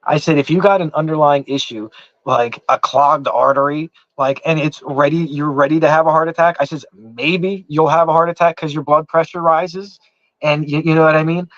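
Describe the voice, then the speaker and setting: A man's voice: a little high, dry recording. A man with an East Coast accent telling a long story in casual chat, swearing a lot and repeating himself with restarts. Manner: rambling, heavy swearing, lots of "I said" restarts. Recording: dull muffled lo-fi sound.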